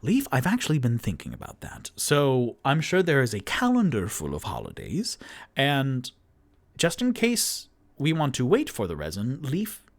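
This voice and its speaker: A man's voice: mid-range voice, wildly swooping pitch, normal speed, dry recording. A man voicing a courtly, theatrical male elephant-folk bard in a solo tabletop game. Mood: earnest. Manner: theatrical and gallant.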